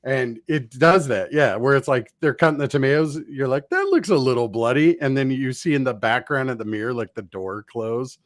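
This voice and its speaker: A man's voice: mid-range voice, moderate pace, hardly any pauses, no echo, clean studio sound. A man co-hosting a casual gaming podcast, animatedly recounting trailers he watched. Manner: animated, acts out reactions to trailers. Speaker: podcast co-host.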